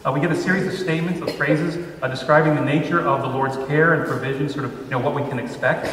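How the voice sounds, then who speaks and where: A man preaching a sermon as pastor, measured, slowing down to stress scripture lines. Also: on the high side, steady tone, fairly bright tone, a little hiss or hum. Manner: measured, with slow emphatic pauses on scripture. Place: church sanctuary. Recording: roomy church hall from far off.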